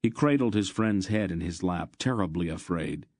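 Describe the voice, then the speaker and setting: A man reading a fantasy novel aloud as an audiobook narrator, in steady, measured storytelling. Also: sits low, no room sound, studio quality.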